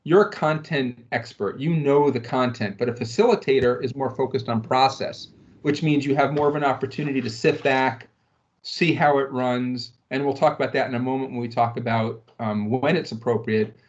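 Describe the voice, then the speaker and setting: A man's voice: medium pitch, fairly even intonation, normal speed, dull audio. A man leading an online workplace training session, talking in a loose conversational way with fillers and rhetorical questions. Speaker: corporate trainer.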